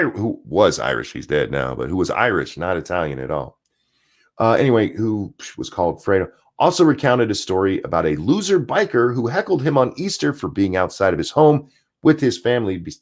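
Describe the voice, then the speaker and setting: A man hosting a live stream, reading news articles aloud and ranting about them with sarcasm and profanity. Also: lowish voice.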